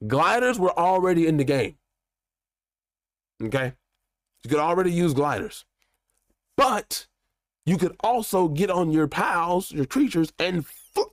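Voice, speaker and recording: A man hosting a show, giving a heated, profane ranting commentary in an animated way. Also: high voice, dry recording, studio quality. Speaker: show host.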